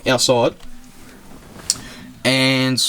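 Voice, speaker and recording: A young Australian man who hosts a car channel shows off a classic car, filming from inside it on a handheld camera whose mic picks him up. His medium-pitched voice is clean and fairly bright, his delivery completely flat and extremely slow. It's a casual walkaround vlog where he rambles chattily, loses words and laughs often.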